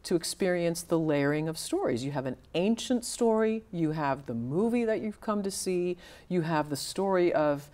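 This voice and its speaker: Low-voiced thoughtful woman novelist. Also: animated, moderate pace, few pauses, darkish tone. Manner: thoughtful, searching for words with small restarts. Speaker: novelist guest. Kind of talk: conversational interview.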